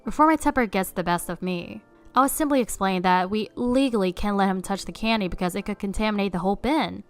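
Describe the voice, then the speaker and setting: A woman reading online stories aloud as a narrator in a steady storytelling way. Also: mid-range voice, fast talker, faint music behind.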